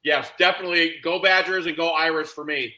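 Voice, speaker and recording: A man hosts a casual online meeting. His voice is bright and forceful and sits a little high. He keeps things upbeat and playful as he introduces his colleagues over a video call. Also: fairly even intonation, fairly quick, low-quality recording. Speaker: webinar host.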